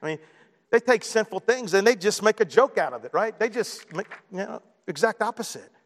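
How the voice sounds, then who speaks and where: A man's voice: sits high, expressive, fairly quick. A man preaching a sermon as pastor, impassioned and repeating himself with stammered emphasis. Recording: long hall reverb.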